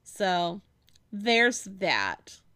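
A woman's voice: mid-range voice, big pitch swings, bright, forceful tone, smooth. A woman hosting a podcast, bantering in a playful, teasing way with her co-host. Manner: playful, teasing, quick to laugh.

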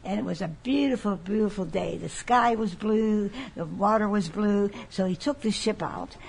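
An elderly woman talks in a loose, rambling way and likes to tell jokes. Her voice has a husky, slightly rough edge, and its pitch sits in an ordinary middle range for a woman. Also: moderate pace, a little mellow. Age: older. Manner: chatty joke-teller, rambling. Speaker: guest of honor. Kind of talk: casual chat.

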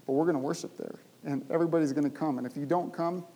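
A male pastor preaching a sermon, speaking with animated emphasis and rising to loud, emphatic bursts. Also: a little high, fast, poor audio.

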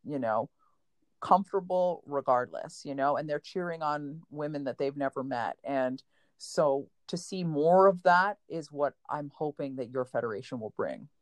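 A woman's voice: low voice, lively intonation, normal speed, dry recording. A woman, a competition coach, telling a heartfelt story as a guest and close to tears.

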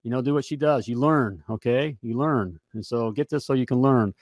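An upbeat male podcast host rambles through his sign-off, full of fillers. His voice sits at an everyday pitch. The sound is dry and close, with little room echo. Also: normal speed, a little mellow. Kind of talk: casual show wrap-up.

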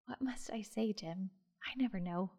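A woman reading the part of a gentle, shy young mother, soft and earnest. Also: medium pitch, normal speed, lightly acted.

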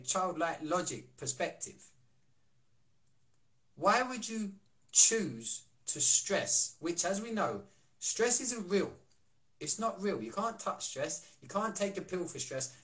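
A man's voice: a little high, a bit bright. A man coaching and chatting on a live stream, asking rhetorical questions and reading out viewer comments. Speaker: wellness coach and co-host. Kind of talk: casual live-stream talk.

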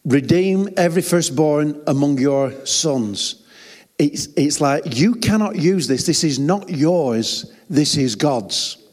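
A man's voice: fairly high pitch, animated, takes it slowly, darkish tone. A man preaching a sermon, telling stories with humor and chatty asides. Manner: humorous, chatty storytelling with laughs. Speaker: pastor. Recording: long hall reverb.

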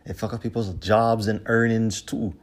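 A man's voice: lowish voice, little pitch movement, normal speed. Heated, cursing man ranting. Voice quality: profane, heated, repetitive. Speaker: vlogger. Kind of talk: casual ranting commentary.

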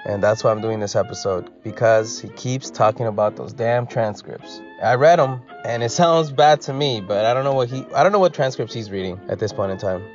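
A man reads posts aloud on his commentary show and breaks in with dry, sarcastic remarks. His voice sits at an ordinary middle pitch. The audio is a little dull, with faint music underneath. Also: brisk, hardly any pauses, darkish tone. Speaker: host of a commentary channel. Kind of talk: casual reading and commentary.

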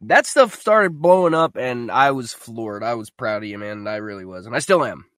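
A man co-hosts a gaming podcast in a casual, joking, blunt way. His voice is bright and forward, recorded dry and close. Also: medium pitch, animated, normal speed, no room sound. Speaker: podcast co-host. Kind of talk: casual chat.

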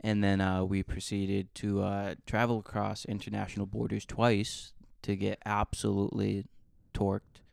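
A man with a lowish, gravelly voice co-hosts a casual podcast, dropping in short deadpan jokes. The recording is close and dry, with no room sound. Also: normal speed, no room sound. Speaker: podcast co-host. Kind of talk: casual chat.

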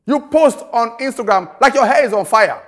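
High-voiced emphatic male preacher. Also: animated, normal speed, a bit bright. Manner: emphatic, repeats phrases and asks rhetorical questions. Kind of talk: sermon.

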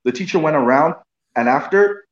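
A man's voice: a little high, lively intonation, normal speed. A man, an actor guest, telling a casual story with many restarts and repeated "you know what I mean.". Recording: roomy, dull lo-fi sound.

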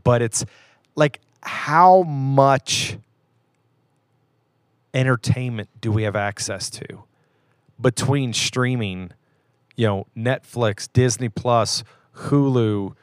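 A man's voice: mid-range voice, extremely slow, no room sound, clean studio sound. A man in his thirties co-hosting a podcast, telling earnest stories in casual chat. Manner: earnest, storytelling. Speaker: podcast co-host.

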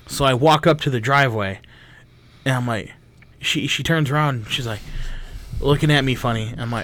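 A man in his twenties co-hosting a podcast, telling a story in a casual, animated, profane way. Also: medium pitch, moderate pace, pauses often. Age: 20s. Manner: animated, profane, mimics people in stories. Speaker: podcast co-host.

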